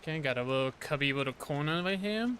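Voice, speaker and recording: A man's voice: fairly high pitch, expressive, quick pace, a bit bright, a little hiss or hum. A man streaming a horror game, chatting casually with his viewers in a rambling way. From Detroit, Michigan. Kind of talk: casual gameplay commentary.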